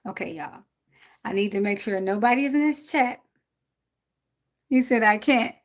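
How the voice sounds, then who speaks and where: A woman's voice: mid-range voice, normal speed. A woman from City, chatting casually on a livestream with her viewers and her dog. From Jersey City, USA. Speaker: livestream host. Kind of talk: casual live-stream chat.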